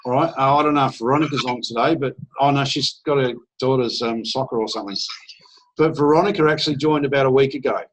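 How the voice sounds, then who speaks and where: Upbeat man pitching. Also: fast, low-quality recording. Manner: enthusiastic and conversational, acts out phone chats. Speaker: presenter at an online business opportunity meeting. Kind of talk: persuasive sales pitch on a video call.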